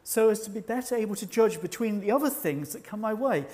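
A man preaching a sermon at a church service, measured and reflective, slowing down to stress key words. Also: sits high, lively intonation, darkish tone. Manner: measured, reflective, slows for emphasis.

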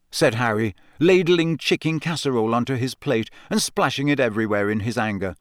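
A man narrating an audiobook in a lively, expressive way. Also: mid-range voice, brisk, hardly any pauses, smooth, no room sound, studio quality. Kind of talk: scripted narration.

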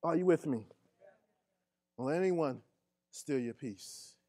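A man's voice: a little high, lively intonation, slow, dark tone. A man preaching a sermon as pastor, repeating his key phrases and drawing responses from the congregation in casual, colloquial speech.

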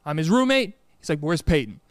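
A man's voice: on the high side, very animated, brisk, no room sound, clean studio sound. A young man telling a story in casual chat, acting out quoted lines and laughing often.

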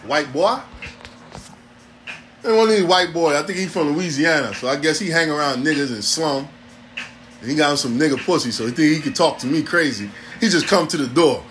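A man's voice: on the high side, a little fast, fairly bright tone, slight background noise. A man, hosting a podcast in a blunt, profane, streetwise ranting monologue. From New York City. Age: 40s. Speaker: podcast host.

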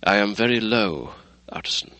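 A man's voice: steady tone, normal speed, bright, forceful tone, dry recording, poor audio. A man reading the part of a weary, frightened middle-aged doctor who speaks drearily and sighs. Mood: dreary. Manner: dreary, sighing, low.

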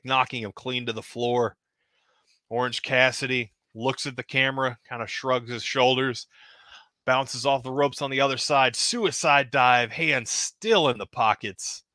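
A man narrates a toy wrestling show play-by-play in an easy, casual way and gets excited at the pin counts. His voice is bright and forceful. The sound is dry and close. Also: medium pitch, no room sound. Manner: casual, hedging with "kinda", excited at pinfalls.

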